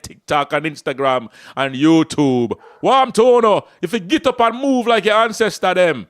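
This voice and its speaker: A man with a Jamaican accent voicing a rough rural Jamaican man who scolds people loudly and keeps asking if they are crazy. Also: high voice, dry recording, clean studio sound. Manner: loud, scolding rants full of rhetorical questions.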